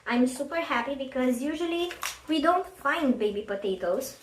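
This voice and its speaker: A woman's voice: high voice, lively intonation, normal speed. A woman vlogging as she cooks at home, chatty and self-deprecating, thinking aloud as she works. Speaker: cooking vlogger. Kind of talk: casual cooking chat. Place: home kitchen. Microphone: camera at a distance, face out of frame. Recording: roomy kitchen, mic far off, faint noise.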